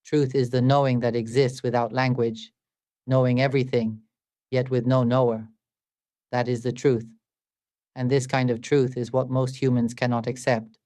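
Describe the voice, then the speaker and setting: A man delivers a meditative spiritual talk in a steady, level tone that barely rises or falls, at a middle pitch. He sounds calm and measured and keeps asking his listeners rhetorical questions. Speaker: spiritual teacher.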